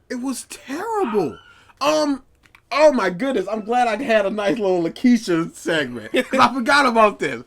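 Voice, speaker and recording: Young adult man, podcast guest, casual animated storyteller who acts out coworkers. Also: very high-pitched, moderate pace, creaky.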